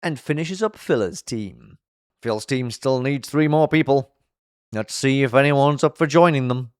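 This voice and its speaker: A man giving a playful, self-mocking commentary on an animated web show, recapping it as he goes. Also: medium pitch, a little slow, clean tone, dry recording, clean studio sound. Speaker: video commentator.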